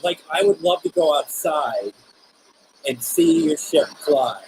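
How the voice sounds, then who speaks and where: A man hosting a live paranormal show, questioning spirits during a spirit box session in halting, curious bursts with frequent restarts. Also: a little high, expressive, darkish tone, a little hiss or hum, rough recording.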